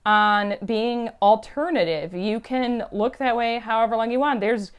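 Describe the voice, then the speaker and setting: A woman's voice: fairly high pitch, unhurried, smooth. A woman telling stories in a chatty, emphatic way on her casual vlog. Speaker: YouTube vlogger.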